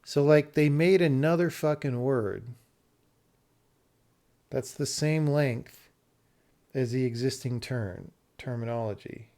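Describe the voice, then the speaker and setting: Male streamer, slow and gravelly, casual, profane, muttering through his code. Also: mid-range voice, a little mellow. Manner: casual, swears freely, muses to himself. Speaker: programmer streaming live. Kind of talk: thinking aloud while coding.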